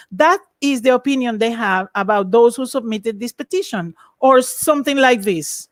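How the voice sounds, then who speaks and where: A woman lecturing in an online academic webinar, lively and emphatic, over a video call. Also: a little high, fairly quick, hardly any pauses, no echo.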